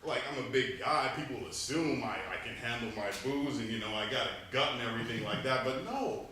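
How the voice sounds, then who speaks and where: A man in his thirties, from Panama, giving an animated humorous speech to a club, laughing between lines. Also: mid-range voice, a little fast. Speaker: club speaker. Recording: echoey room, distant mic, faint noise.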